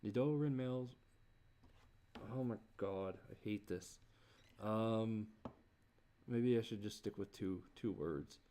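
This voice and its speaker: A man thinking aloud while he composes, muttering in halting restarts and groaning at himself. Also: on the low side, mellow, a little hiss or hum. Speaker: creator working on a song.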